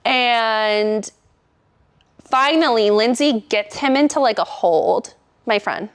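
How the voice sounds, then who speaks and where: A woman's voice: on the high side, takes it slowly. A young woman telling a wild story in casual, profane chat, full of "like" and vivid quoted lines. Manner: animated, profane, heavy use of "like".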